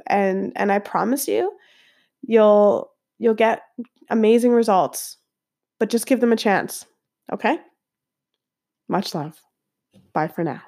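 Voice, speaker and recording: A woman's voice: medium pitch, a little mellow. A woman in her thirties, a podcast host telling a personal story in an earnest, rambling way, full of fillers. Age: 30s.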